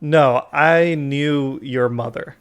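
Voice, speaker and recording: A man's voice: medium pitch, takes it slowly, clean tone. A man voicing a weary, irritable masked lord who swears casually, in a tabletop game.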